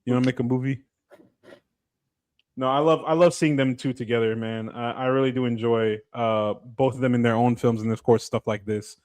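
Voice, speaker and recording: A man's voice: mid-range voice, steady tone, fairly quick, hardly any pauses, darkish tone, clean tone. A man co-hosting a podcast, giving a laid-back, joking film review with casual swearing. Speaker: podcast co-host.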